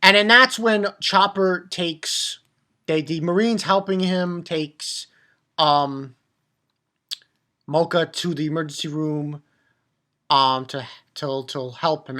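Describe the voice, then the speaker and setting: A man talks through a cartoon episode in a loose, unscripted recap, getting worked up and cursing as he goes. His voice has a bright, forward ring, and he trips over himself with repeated words and "um"s. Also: a little high, slow, pauses often. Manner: excitable, swears, many restarts and fillers. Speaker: anime reviewer. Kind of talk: casual episode recap and review.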